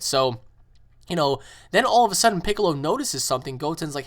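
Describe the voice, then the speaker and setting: A man casually retelling an action story, rambling and filling pauses with fillers. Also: fairly high pitch, sing-song, a bit bright. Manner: rambling, filler-heavy with "you know".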